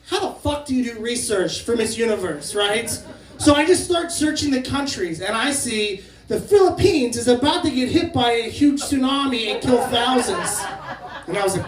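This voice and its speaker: A man in his late twenties doing a stand-up comedy set, telling brash, profane stories with loud outbursts. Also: very high voice, normal speed, distant mic. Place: crab shack venue with live audience. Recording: roomy live recording from off-mic, crowd laughter.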